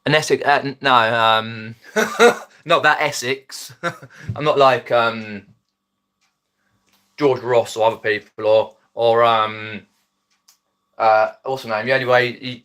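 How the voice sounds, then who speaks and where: Speaking off the cuff to live stream viewers over his phone, a man from Epsom, Surrey, talks in a South East English Mockney accent, dropping his aitches. His mid-pitched voice is bright and forward-edged, steady and clean, at a slightly slow pace. He rambles, hesitates with many ums, stumbles into restarts and laughs often.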